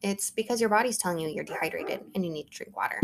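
A woman's voice: fairly low pitch, fast talker, creaky, very noisy. A woman in her thirties hosting a solo podcast, talking earnestly and conversationally as she coaches her listeners. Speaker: podcast host. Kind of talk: solo podcast talk, motivational.

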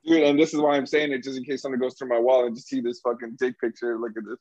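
Young man, casual storyteller, animated and swearing freely, slightly dull dry recording. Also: medium pitch, racing, no room sound. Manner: animated, laughing, heavy swearing.

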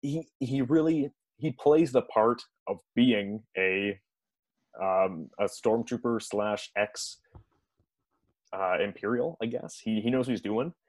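A man's voice: mid-range voice, slow, dry recording. A man casually recapping a TV episode in a rambling way, full of fillers and restarts, chuckling now and then.

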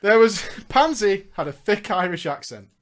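A woman chatting through a comic story with her co-host, her pitch leaping up and down as she talks. She swears freely, laughs at her own lines and drops mocking asides. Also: animated, normal speed. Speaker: podcast co-host telling a story. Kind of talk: casual storytelling chat.

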